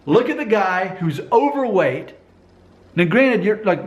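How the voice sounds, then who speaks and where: A man's voice: high voice, big pitch swings, unhurried, highs cut off. Emphatic man vlogging. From United States. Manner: emphatic and insistent, repeating points. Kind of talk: casual direct-to-camera monologue.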